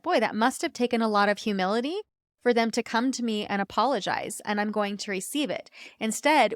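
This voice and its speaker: A woman's voice: medium pitch, smooth, no echo, studio quality. A woman hosting a personal-growth podcast, telling a personal story in an earnest, reflective way with light laughs. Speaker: podcast host.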